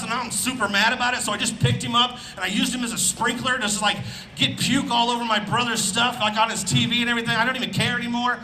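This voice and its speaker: A man from Indiana performing a loud, animated stand-up comedy set on an outdoor festival stage, speaking into a handheld mic. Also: very high-pitched, slight background noise, low-quality recording. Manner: loud, animated, punching up lines with shouts.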